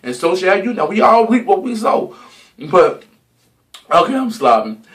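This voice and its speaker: Young guy vlogging, high pitched, sassy and dramatic, drags out words. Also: very animated, a little slow, a bit bright. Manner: sassy, dramatic, swears freely; stretches words for emphasis. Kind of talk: casual gossip monologue.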